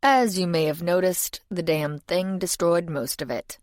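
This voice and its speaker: Brief: woman narrator doing an ancient male demon, urbane and world-weary, lower register. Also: measured pace, no echo, close to an everyday voice. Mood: dry. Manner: polite, dry, gently world-weary.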